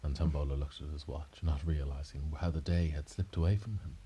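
A man spins an improvised detective tale in a very low, dark voice. He rambles, stops and restarts mid-sentence as he goes. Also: steady tone, fairly quick, a little hiss or hum. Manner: rambling, with frequent restarts and self-corrections. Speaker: storyteller. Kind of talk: improvised story narration.

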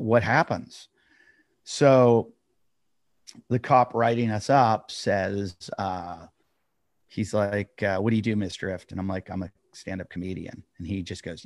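A man's voice: fairly low pitch, dry recording. A middle-aged man, a comedian, casually telling a long story on a podcast and acting out the quotes.

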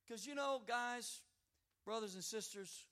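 A male pastor preaching a sermon, telling a story quietly and then rising to loud, fervent exhortation. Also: very high voice, a little slow.

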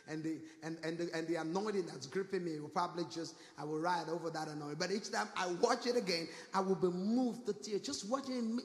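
High-voiced man preaching in an echoey hall. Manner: fervent preaching with repeated rhetorical call-outs to the congregation. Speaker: pastor. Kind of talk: sermon. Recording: echoey church hall with long reverb.

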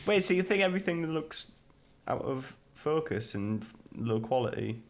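A man's voice: medium pitch, lively intonation, moderate pace. A man co-hosting a casual chat who laughs often and stammers through restarts. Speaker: podcast co-host.

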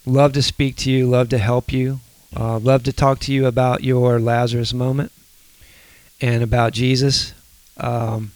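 A man co-hosting a faith podcast, speaking in a soft, reflective, halting way. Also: mid-range voice, dry recording. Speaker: podcast co-host.

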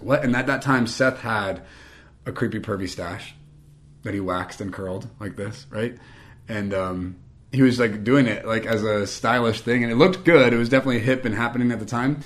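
A young adult man telling a casual, rambling anecdote, animated and self-mocking. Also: medium pitch. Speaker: storyteller.

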